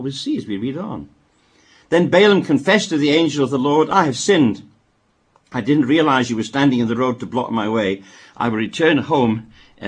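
A man's voice: mid-range voice, husky. A man reading scripture aloud and breaking off for wry asides as he teaches. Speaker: Bible teacher. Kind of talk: Bible reading with commentary.

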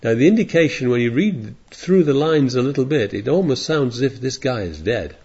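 A man's voice: medium pitch, expressive, a little fast, a little mellow, breathy edge. A man preaching a sermon in a rambling, digressive way, reading scripture aloud as he goes. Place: congregation in California. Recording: dull lo-fi sermon recording.

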